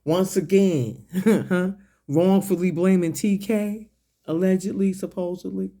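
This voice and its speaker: A man's voice: high-pitched, steady tone, warm tone. A man giving a profane, confrontational rant to his audience, mocking and questioning someone point by point. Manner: slow, deliberate delivery with pointed questions. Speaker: online commentator. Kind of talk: ranting commentary to camera.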